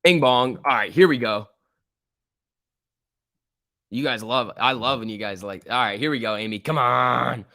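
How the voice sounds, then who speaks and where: A young man hosting a casual stock-market livestream, talking excitedly, laughing often and reading chat messages aloud. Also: medium pitch, moderate pace, long pauses, no room sound, clean studio sound. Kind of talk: casual live-stream chat.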